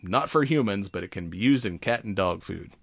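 Man, casual podcast co-host, low-ish voice, dry close sound, rambling with fillers and swearing. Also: expressive, a little fast, gravelly, a bit bright, no room sound. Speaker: podcast co-host reading science news.

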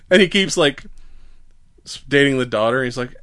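A man's voice: mid-range voice, expressive, measured pace, pauses often, a bit bright, no room sound, clean studio sound. Laughing, rambling podcast guy. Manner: rambling, laughing, acting out quoted lines. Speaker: podcast co-host. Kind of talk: casual chat recapping a comedy series.

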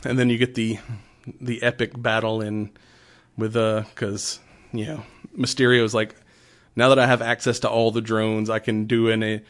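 Laughing, swearing man recapping a movie. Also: medium pitch. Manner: laughs often, swears, retells scenes in quoted voices. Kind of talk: casual movie recap chat.

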